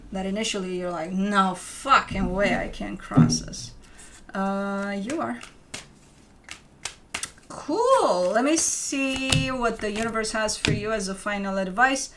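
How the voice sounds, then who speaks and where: A young woman reads tarot cards in a loose, conversational way. She rambles and restarts often, filling pauses with little ums. Her voice sits at an ordinary middle pitch for a woman. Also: background noise. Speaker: tarot reader. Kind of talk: casual spoken tarot reading.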